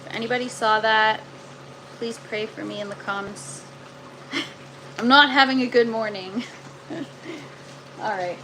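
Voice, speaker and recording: Woman gardening streamer, casual live chat, groaning and exasperated, slow delivery, noisy stream. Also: a little high. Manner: groaning, exasperated, talks to viewers. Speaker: gardening livestreamer. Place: indoor grow tent. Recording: noticeable steady background noise.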